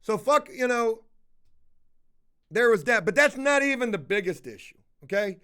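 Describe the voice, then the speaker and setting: High-voiced, cussing male vlogger. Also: expressive, moderate pace, a bit bright, smooth. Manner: profane, exasperated, blunt. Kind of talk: casual storytelling rant to camera.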